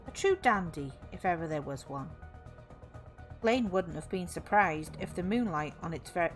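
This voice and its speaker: A woman's voice: lowish voice, a bit bright. A woman streamer reading a horror story aloud, greeting her chat in a bubbly way between passages.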